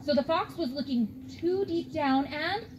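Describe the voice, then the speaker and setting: A woman's voice: high voice, moderate pace, muffled recording, background noise. A woman librarian leading a children's storytime, reading aloud and talking playfully to the kids. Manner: animated, playful, talks to kids.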